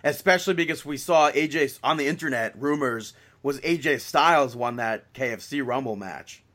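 Man, podcast co-host, casual rambling chat, lots of filler, mid-pitched voice. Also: normal speed, a bit bright. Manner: rambling, heavy use of "like".

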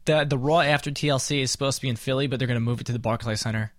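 A man's voice: medium pitch, fairly even intonation, very fast, dry recording, studio quality. Man hosting casual podcast banter. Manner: runs the segment, reading out matches and taking picks. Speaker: podcast co-host. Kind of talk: casual wrestling chat.

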